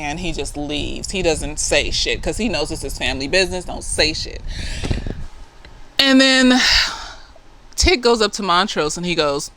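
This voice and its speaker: A woman chats through a TV episode recap in a loose, half-tipsy way, her voice bright and edged. She swoops all over her range, cursing freely and bursting into the characters' parts. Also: on the low side, measured pace. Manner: animated, profane, acts out characters' lines. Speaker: therapist reviewing a TV episode. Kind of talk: casual tipsy review chat.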